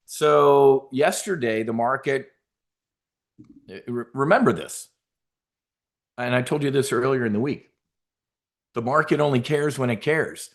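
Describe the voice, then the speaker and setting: A man's voice: mid-range voice, measured pace, pauses often. A middle-aged man hosting a trading show, giving blunt, profane, rambling live market commentary.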